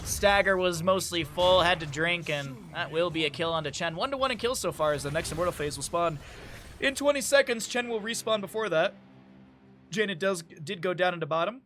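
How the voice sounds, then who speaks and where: A man casting an esports match solo, excitable on big plays and joking with chat between them. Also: sits high, brisk. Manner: chatty, jokes with viewers between plays. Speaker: esports caster. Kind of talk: solo play-by-play commentary with chat asides.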